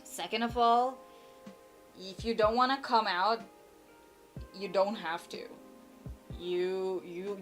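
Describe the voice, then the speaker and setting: Chatty blunt Indian woman giving advice. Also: mid-range voice. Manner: chatty, blunt, playful, laughs easily. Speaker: YouTuber answering viewer questions. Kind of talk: casual advice chat. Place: at home.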